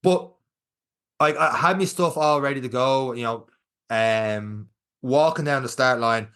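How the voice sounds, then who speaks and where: Here a young Irish podcast co-host speaks unhurriedly in a clear, resonant, medium-pitched voice. Chatting casually, he animatedly tells a story about a race and acts out the quotes.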